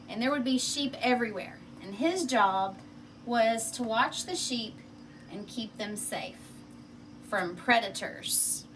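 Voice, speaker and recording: A woman telling a children's fable with props, in an expressive and animated way. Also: on the high side, slow pace. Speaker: storyteller. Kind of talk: children's story read aloud with props. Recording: distant mic, faint background noise.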